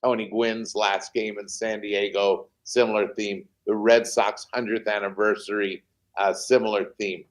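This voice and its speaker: A man, a team president, telling animated anecdotes as an interview guest, pausing often with fillers over a remote call. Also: lowish voice. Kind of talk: interview storytelling.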